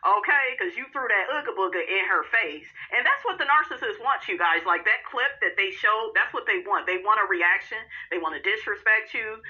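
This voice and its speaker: A woman's voice: medium pitch, lively intonation, moderate pace, hardly any pauses, lo-fi sound. A woman hosting a casual reality TV recap, sassy and talkative, calling her listeners honey and child and laughing at the drama.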